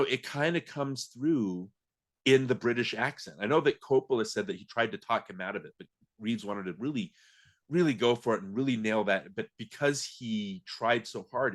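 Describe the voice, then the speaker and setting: A man's voice: mid-range voice, moderate pace. A man hosting a podcast, talking casually and laughing as he acts out movie lines. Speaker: podcast host.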